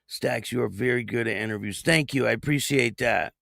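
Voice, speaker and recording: A man's voice: mid-range voice, brisk, gravelly, few pauses, fairly bright tone, no echo, clean studio sound. A man hosting a casual livestream, greeting viewers by name and reading news stories aloud with small stumbles. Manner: reads chat names and donations aloud, reads news with stumbles. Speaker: online show host.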